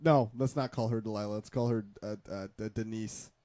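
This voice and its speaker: A man's voice: fairly low pitch, steady tone, a little fast, warm tone, no room sound. Rambling man telling a story. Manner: rambling, storytelling with frequent restarts and laughter. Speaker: podcast co-host. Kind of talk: casual chat.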